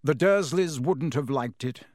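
Brief: male audiobook narrator, steady storytelling, slightly high, dry studio sound. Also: unhurried, dry recording.

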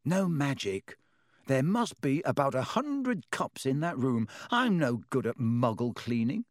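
A man voicing a gloomy young male student who speaks slowly and heavily. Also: mid-range voice, big pitch swings, no echo, clean studio sound. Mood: glum. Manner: slow, heavy, glum.

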